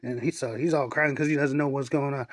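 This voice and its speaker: A man's voice: mid-range voice, fairly even intonation, fast talker, no echo. A man joking as he describes a painting. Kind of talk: comic commentary on a painting.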